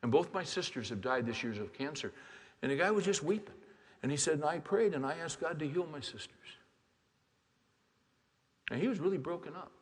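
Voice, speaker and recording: A man preaching a sermon as a pastor, dropping to quiet, hushed lines and then rising to loud, fervent exhortation. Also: a little high, animated, a little fast, long pauses. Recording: long hall reverb.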